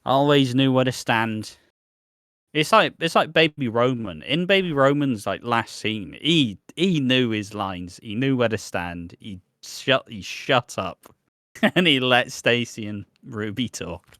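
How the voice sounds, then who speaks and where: A man's voice: medium pitch, animated, a little slow, a bit bright, no room sound, clean studio sound. A man co-hosting a podcast, rambling in casual chat with lots of restarts and the odd swear. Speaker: podcast co-host.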